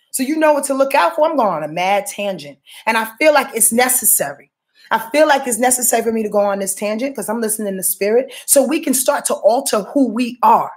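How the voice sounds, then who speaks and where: A woman astrologer giving her weekly forecast in a blunt, profane, preachy way, calling out to her listeners. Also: on the high side. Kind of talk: casual spoken astrology forecast.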